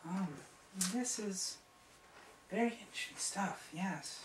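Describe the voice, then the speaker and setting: A woman voicing a soft-spoken female magical assistant who speaks in a polite, half-whispered way. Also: mid-range voice, slow pace, pitched above the performer's own voice, natural voice. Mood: hushed. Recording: echoey room, distant mic, faint hiss.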